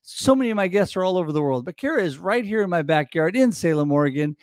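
A man's voice: high-pitched, expressive, fast talker, hardly any pauses, dry recording, clean studio sound. A man hosting a livestream show, talking in an upbeat, motivational way. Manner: enthusiastic, motivational, repetitive. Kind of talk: upbeat promotional livestream talk.

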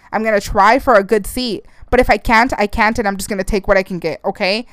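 A woman's voice: mid-range voice, fairly even intonation, fast, hardly any pauses, no room sound, studio quality. A young woman from Arizona hosting a casual solo podcast. She rambles and swears, laughs often, and slips Spanish phrases into her English. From Arizona, United States. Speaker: podcast host.

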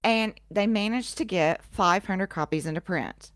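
A woman's voice: medium pitch, measured pace, no room sound, studio quality. A woman co-hosting a casual podcast who retells history in an irreverent, profane way, full of sarcastic asides. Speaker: podcast co-host.

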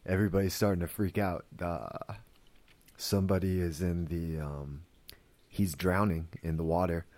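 Deep-voiced man rambling casually. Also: fairly even intonation, moderate pace, darkish tone, no room sound. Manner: rambling, with many fillers and restarts; earnest and emotional. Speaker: podcast host. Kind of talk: casual spoken commentary.

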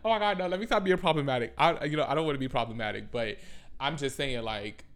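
Rambling, profane young podcast host. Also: male voice, medium pitch, fast talker. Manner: rambling, profane and self-mocking, full of "like". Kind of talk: casual solo podcast chat. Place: home with family over. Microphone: close podcast mic.

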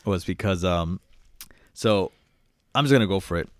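A man's voice: low voice, moderate pace, no room sound, clean studio sound. A young man telling a long story in casual chat, rambling and swearing, calling his friend "bro".

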